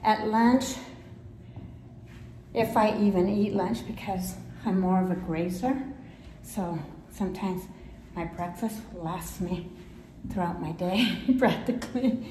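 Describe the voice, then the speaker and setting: A woman vlogger talking casually while climbing stairs, out of breath, with frequent pauses and small laughs. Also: mid-range voice, mellow, echoey room, a little hiss or hum, poor audio. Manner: chatty, pauses often, laughs between phrases. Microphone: handheld camera.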